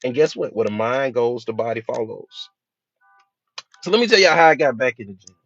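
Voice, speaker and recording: A man's voice: mid-range voice, animated, brisk, fairly bright tone, highs cut off, slight background noise. A man, a hypnotherapist, giving a casual motivational talk and telling his own stories with quoted voices.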